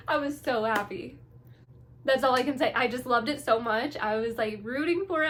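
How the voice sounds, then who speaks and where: A woman's voice: fairly high pitch, moderate pace, pauses often, a bit bright, slight background noise. A young woman vlogging her reactions to a TV episode in casual, bubbly, gushing chat. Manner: gushing, bubbly, full of "like" and "you guys".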